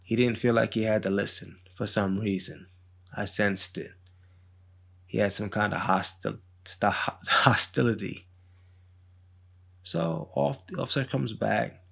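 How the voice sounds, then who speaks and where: Male podcast host, low gravelly voice, unhurried street-wise storyteller. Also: fairly bright tone. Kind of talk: casual storytelling monologue.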